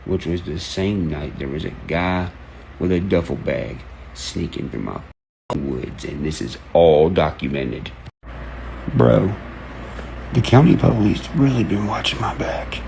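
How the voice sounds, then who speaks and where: Gravelly man on a profane rant. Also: low-pitched, a little slow, a little hiss or hum. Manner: excited, profane, jumps between topics, acts out quotes. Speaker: online creator. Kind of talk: rambling rant to camera.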